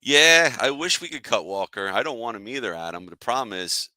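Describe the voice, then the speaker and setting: A man's voice: mid-range voice, sing-song, brisk, bright, forceful tone, dry recording. A man hosting a casual sports show, ranting in an annoyed, fired-up way and answering chat viewers. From Philadelphia area. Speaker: sports podcast host.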